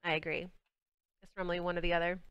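A woman's voice: on the low side, level tone, fast talker, fairly bright tone, smooth, no room sound, dull audio. A young woman with a Southern US accent hosting a game livestream, chatting casually and bubbly with viewers as she plays. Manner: chatty, bubbly, talks to chat while playing. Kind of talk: casual game stream chat.

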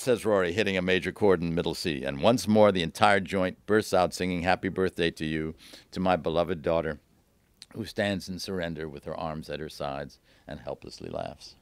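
A man reading aloud from his own novel at a bookstore event, lively, lifting his voice for the dialogue. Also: no room sound. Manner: lively, voices the dialogue with raised pitch and quick asides.

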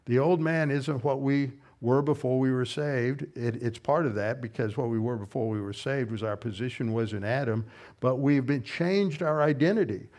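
A man preaching an expository sermon, methodically explaining verses and Greek grammar and slowing down to stress key words. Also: mid-range voice, a little mellow. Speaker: pastor. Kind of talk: expository Bible teaching sermon.

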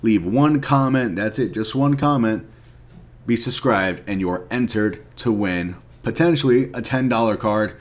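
A man's voice: on the low side, measured pace. Ranting man, game commentary. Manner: frustrated ranting, swings from mumbling to loud outbursts. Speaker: mobile game video creator. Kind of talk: casual gameplay commentary.

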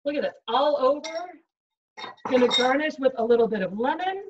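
A woman's voice: high-pitched, expressive, a little fast, recorded from a distance, lo-fi sound. A woman chef instructor with a Chicago accent, talking through a cooking demo in her home kitchen, chatty and explanatory. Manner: chatty, explains as she cooks, frequent "right?" and "um". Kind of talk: cooking demonstration.

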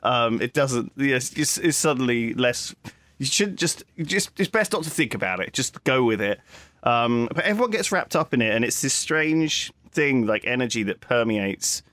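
A man's voice: mid-range voice, animated, normal speed, a bit bright, no room sound. A man co-hosting a podcast, chatting in a rambling, reflective way. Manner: rambling, reflective, many restarts. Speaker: podcast co-host. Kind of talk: casual chat.

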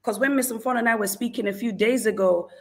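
A woman hosting a livestream, giving an animated, exclamatory faith talk and greeting viewers in the chat. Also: fairly high pitch, fairly quick. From Nigeria. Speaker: livestream host.

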